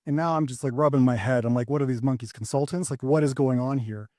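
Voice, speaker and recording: A young man doing a stand-up set, rambling and hesitant with many restarts, landing deadpan punchlines. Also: medium pitch, fast, no echo, studio quality. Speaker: stand-up comedian.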